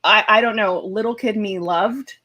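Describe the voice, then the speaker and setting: A woman comedian talking casually on a panel. She rambles and hesitates, with plenty of fillers, but she sounds sincere. Her pitch is right in the middle of the female range. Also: normal speed, sharp tone, muffled recording.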